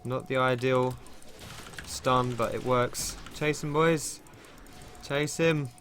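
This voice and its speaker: Excitable gamer commentating live. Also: male voice, medium pitch, normal speed, slight background noise. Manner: excitable, thinks aloud, swears casually. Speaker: gaming streamer. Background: keyboard typing.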